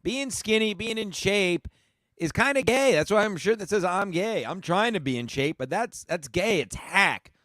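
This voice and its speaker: A man's voice: high voice, expressive, moderate pace, fairly bright tone, no echo. A man co-hosting a casual podcast, teasing his co-host in a mock-earnest way and asking leading questions. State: coughing.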